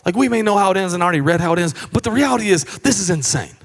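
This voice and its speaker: Pastor, man, high-pitched voice, preaches a sermon with emphasis and casual asides. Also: expressive, rapid-fire, in a large hall. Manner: emphatic, swings between hushed and raised delivery; conversational asides and restarts.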